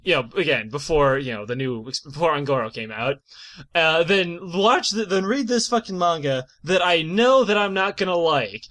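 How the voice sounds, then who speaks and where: Animated high-voiced man ranting. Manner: animated profane ranting with frequent laughs. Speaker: podcast host. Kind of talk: casual podcast chat.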